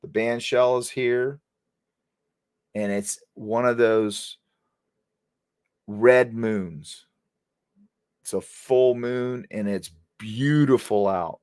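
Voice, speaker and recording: A man's voice: mid-range voice, drawn-out words, long pauses, clean tone. A middle-aged man, a former police officer, telling a story casually and talking straight to his viewers. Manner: animated anecdote-telling, addresses viewers directly.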